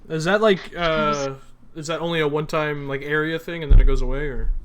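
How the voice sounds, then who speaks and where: A man running a tabletop game as game master, casual and quick to laugh, with halting restarts. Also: on the high side, steady tone, a bit bright, a little hiss or hum.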